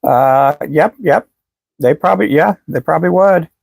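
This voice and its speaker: A man's voice: on the high side, moderate pace, creaky, a little mellow, no room sound. A man hosting a casual live stream, chatting with viewers in a rambling way and often restarting his sentences, and he says he is losing his voice. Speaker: live stream host selling fishing lures.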